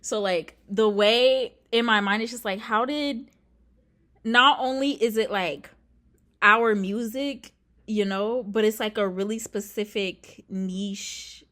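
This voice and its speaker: A young woman talks straight to camera in a relaxed vlog, her voice sitting at an ordinary middle pitch. She rambles and circles back, filling gaps with "like" and "um" as she tells a story. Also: slow pace. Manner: chatty, rambling, full of "like" and "um". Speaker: vlogger. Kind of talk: casual talking-to-camera vlog. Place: indoors near a street with passing traffic.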